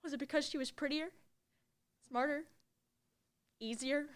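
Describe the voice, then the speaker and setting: A woman's voice: sits high, steady tone, measured pace. A young actress playing a hurt girlfriend breaking up. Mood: reproachful. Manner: hurt, reproachful, firm. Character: young woman, hurt girlfriend ending a relationship. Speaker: stage actor in a play reading. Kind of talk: live new-play reading.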